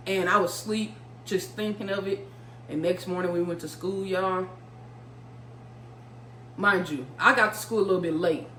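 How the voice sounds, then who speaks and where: A young woman vlogger telling a story casually, animated and profane, throwing in vocal sound effects. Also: fairly low pitch, normal speed, pauses often. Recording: roomy room with faint hum.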